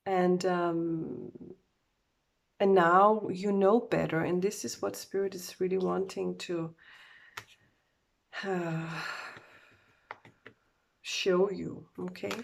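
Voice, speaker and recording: A woman's voice: on the low side, fairly even intonation, slow, vocal fry, long pauses, slight background noise. A woman doing a casual oracle card reading, groggy from just waking up and talking hesitantly with many fillers and self-corrections.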